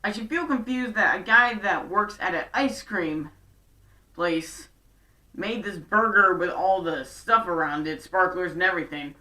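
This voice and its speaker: A woman's voice: lowish voice, unhurried, pushed and bright, far from the mic. A woman giving a casual episode recap with chatty, sarcastic asides. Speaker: show recap vlogger.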